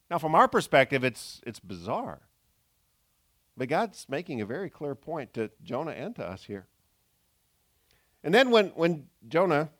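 Lively, earnest male preacher. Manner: earnest, with swings between loud emphasis and soft, low asides. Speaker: pastor. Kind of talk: sermon.

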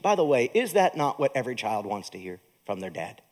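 A man preaching a sermon as a pastor in a church, with animated delivery and joking asides to the congregation. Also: mid-range voice, brisk.

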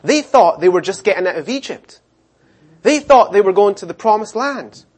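A middle-aged man preaching a sermon, animated, acting out the voices of the people in his story. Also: high-pitched, moderate pace, breathy edge. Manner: animated, acts out voices of complainers and God. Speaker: pastor.

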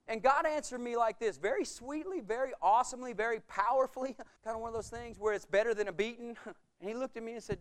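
A middle-aged man preaching a sermon from the pulpit, acting out quoted voices and swinging from loud to hushed as he talks. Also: very high voice, quick pace. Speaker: pastor.

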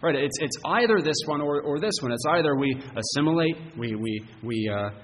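A man's voice: fairly high pitch, lively intonation, fairly quick, a little hiss or hum. Male pastor preaching in a reverberant hall. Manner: conversational preaching with frequent restarts and rhetorical questions. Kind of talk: sermon.

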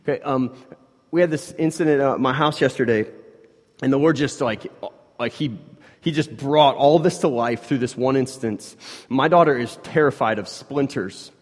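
A man's voice: mid-range voice, normal speed. Pastor, man, 30s, chatty sermon delivery that drops to near-whispers and rises again, long hall reverb. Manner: conversational, swings from hushed to loud, many "like" fillers.

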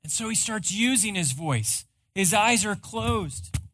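A male pastor preaching a sermon, retelling a story dramatically and swinging between loud and hushed. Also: sits high, expressive, a little slow, no room sound.

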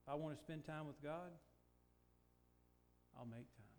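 An older man preaching a sermon, moving from quiet, reflective talk to slow, emphatic declarations. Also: fairly high pitch. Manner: preaching, swings from hushed to emphatic, stretched slow phrases. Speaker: pastor.

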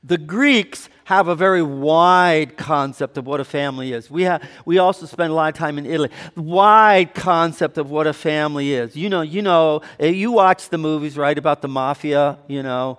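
A man's voice: on the high side, moderate pace, few pauses, fairly bright tone. A man preaching a sermon as pastor, switching between earnest teaching and light banter with the congregation. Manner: conversational preaching with audience banter. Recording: long hall reverb.

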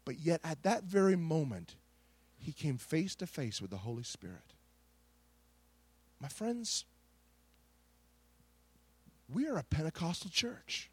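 A man's voice: on the high side, very animated, slow pace, pauses often, a little mellow, slightly rough. A middle-aged male pastor preaching a Pentecostal sermon with impassioned delivery, repeating words and restarting phrases as he tells a story.

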